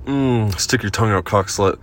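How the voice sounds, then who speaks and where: A man performing an erotic audio role-play in a dominant, commanding and profane manner, with breathy moans between lines. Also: lowish voice, moderate pace.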